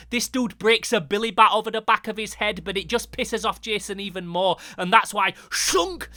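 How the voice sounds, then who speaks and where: A man's voice: high-pitched, pushed and bright. A man reviewing a horror comic in casual, enthusiastic, sweary narration, acting out its sound effects.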